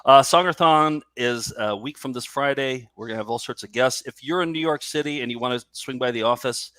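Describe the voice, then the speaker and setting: A man with a middle-pitched voice talks casually as a podcast co-host, loose and full of fillers. The sound is dry and close, with no room echo. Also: brisk, bright, forceful tone. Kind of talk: casual chat.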